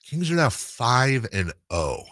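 A man's voice: mid-range voice, takes it slowly, no echo. A man hosting a sports radio show, chatting casually and playfully in a studio. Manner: animated, laughs often, playful.

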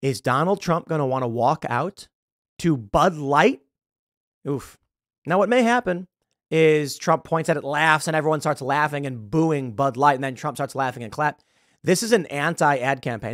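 A man hosting a commentary show talks in a sarcastic, mocking rant, often mimicking the people he criticizes. His pitch jumps around a lot and sits a little high for a man. The studio sound is close and dry, with little room echo. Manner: sarcastic, animated, mocks with put-on quotes. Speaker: host. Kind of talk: opinionated commentary monologue.

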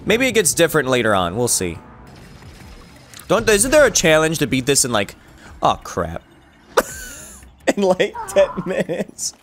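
A young man giving excitable game commentary, laughing and talking back at the game as he plays. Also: a little high, moderate pace, long pauses, soft background music. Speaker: gaming YouTuber.

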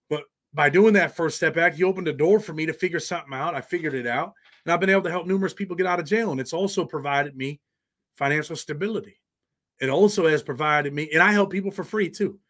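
An American man hosting a livestream, chatting loosely with viewers in slang and answering their comments. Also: fairly high pitch. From United States. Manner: loose, slangy, talks straight to chat. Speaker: livestream host. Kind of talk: casual livestream chat reading viewer comments.

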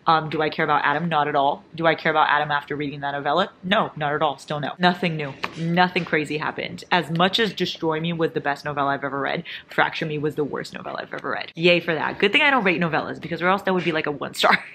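A woman's voice: low voice, quick pace, hardly any pauses, fairly bright tone, slight background noise. Gushing young woman book vlogger. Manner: dramatic, gushing, swears freely. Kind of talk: casual reading vlog.

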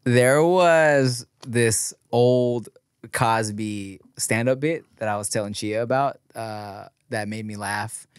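A man's voice: mid-range voice, slow pace, smooth, dry recording, clean studio sound. A man co-hosting a podcast, chatting casually, laughing and slipping into sing-song storytelling. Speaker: podcast co-host.

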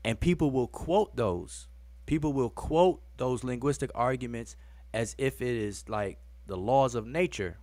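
A man's voice: medium pitch, measured pace, a little mellow, no echo. Laughing man hosting a live stream. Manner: breaks into long fits of laughter; informal, addresses viewers as y'all. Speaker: host of a live video show. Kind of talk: casual live-stream commentary.

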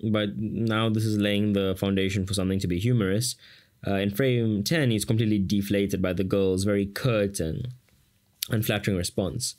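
A South African man with a fairly low voice talks through an exam question in a relaxed, casual way. He keeps breaking off for dry, sarcastic jokes aimed at the viewer. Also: normal speed. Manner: sarcastic, jokey asides to the viewer. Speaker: tutor. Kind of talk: casual exam-prep lesson.

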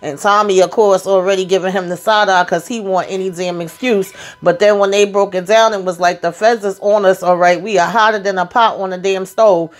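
A woman giving a sassy, animated recap of a TV episode in casual chat, acting out the characters' lines in AAVE. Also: medium pitch, brisk, hardly any pauses. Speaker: show recap reviewer.

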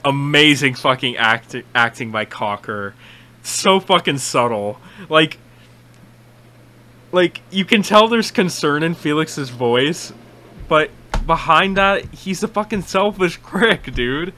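A young man hosting a casual reaction video, excitable and rambling, swearing often with many restarts. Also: on the high side, slow pace.

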